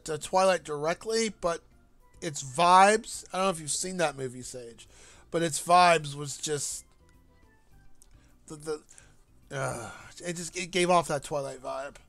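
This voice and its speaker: A man's voice: sits high, animated, sharp tone, no echo. A man streaming a game and chatting casually, rambling and joking with frequent restarts. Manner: rambling, jokey, halting restarts. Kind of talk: casual gameplay commentary. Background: faint game music.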